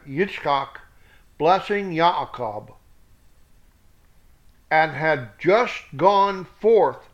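A man teaching scripture, reading it word by word with reference numbers and adding blunt spoken asides. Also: fairly high pitch. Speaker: Bible teacher. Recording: dull lo-fi recording.

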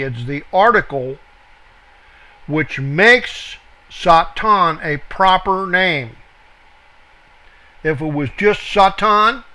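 A man leads a verse-by-verse Bible study at an unhurried pace. His voice sits high and sounds bright and clear-edged. He talks in a deliberate way, stopping to spell out words and fix his own slips. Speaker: Bible teacher.

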